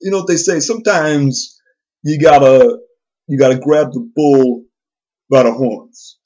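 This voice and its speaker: A man's voice: mid-range voice, a little slow, darkish tone, highs cut off, voice pushed up, natural voice. A man voicing a brash, boastful male sports-fan buddy who gets worked up and repeats himself for emphasis.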